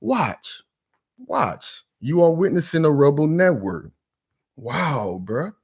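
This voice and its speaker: A man's voice: fairly high pitch, sing-song, unhurried, darkish tone, slightly rough. Emphatic man in casual slang commentary. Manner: emphatic, street slang, repeats "y'all".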